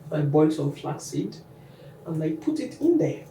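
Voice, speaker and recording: A woman's voice: deep voice, big pitch swings, normal speed, warm tone. A woman walking viewers through her hair care routine in a casual, chatty how-to vlog. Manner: chatty, talks the viewer through each step. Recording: echoey room, mic at a distance, faint noise.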